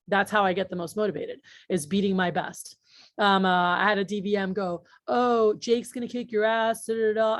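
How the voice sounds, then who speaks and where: With studio-quality sound and no room noise, a woman in a mid-range voice delivers a laid-back training session on leadership. She's talkative and frank, curses freely, leans on fillers, and keeps checking in with her audience through rhetorical questions.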